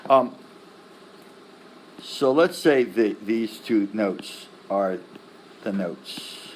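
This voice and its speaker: A man teaching music theory in a classroom lecture, animated, firing quick questions at the students and tossing in slang. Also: on the low side, slight background noise. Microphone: laptop recording the lecture. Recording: echoey classroom from a distance.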